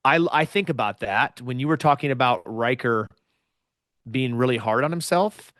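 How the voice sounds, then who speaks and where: Male podcast co-host, mid-pitched voice, dry close sound, casual and reflective, often repeats words as he starts a thought. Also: moderate pace, fairly bright tone, no echo. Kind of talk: casual chat.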